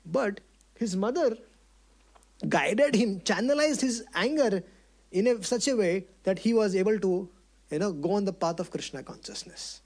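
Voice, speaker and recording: A male preacher telling a scripture story in an animated way, asking the audience rhetorical questions. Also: high-pitched, moderate pace.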